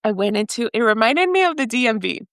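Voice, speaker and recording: A woman from Mexico in her young adult years recounts her story as a podcast guest. Her voice sits a little high with a gravelly fry at the edges, and she laughs often and slips into Spanish. The sound is close and dry, with no room around it. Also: very animated, fast talker, fairly bright tone, no echo. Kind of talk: storytelling in an interview.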